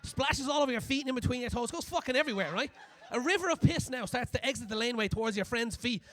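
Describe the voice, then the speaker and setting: A young man doing a crude, animated stand-up comedy set on a club stage, acting out scenes as he goes. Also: very high voice, fast talker, hardly any pauses.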